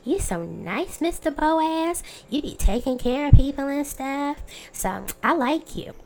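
A woman's voice: lively intonation, unhurried, darkish tone. A woman voicing an eager, sweet young woman who gushes in slang, with faint background noise. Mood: gushing. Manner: high, gushing, slangy.

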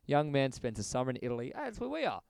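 Animated young-sounding man, podcast host. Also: mid-range voice, rapid-fire, gravelly, a little hiss or hum. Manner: animated, joking, swearing. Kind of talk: casual chat.

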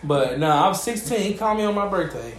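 A man's voice: high-pitched, lively intonation, brisk. Laid-back young man telling stories, echoey room. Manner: laid-back storytelling, heavy slang. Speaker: podcast host. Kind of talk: casual chat.

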